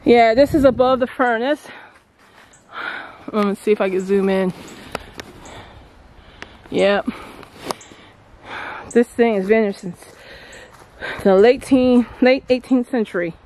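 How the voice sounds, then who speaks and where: A woman vlogging outdoors at an old stone landmark, chatting excitedly to her viewers on a handheld phone camera. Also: on the high side, slow, pauses often. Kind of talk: casual vlog narration. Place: outdoors at a historic stone furnace.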